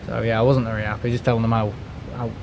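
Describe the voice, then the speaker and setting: A man's voice: medium pitch, flat delivery, quick pace, noisy background. A man, chatting casually during a live stream, rambling and exasperated, restarting words and swearing freely. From United Kingdom. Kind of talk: casual ranting chat.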